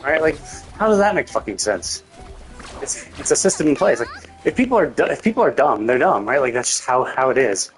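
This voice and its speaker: A man streams a video game with casual commentary, rambling and venting his annoyance through lots of swearing and filler words. His medium-pitched voice is sing-song and fairly quick, with faint music in the background.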